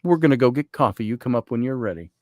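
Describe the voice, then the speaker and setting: A man guest, an Egyptologist, telling a story in conversation, animated and quoting others, and slowly reading aloud from a journal. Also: mid-range voice, no room sound, clean studio sound. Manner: animated storytelling with quoted voices.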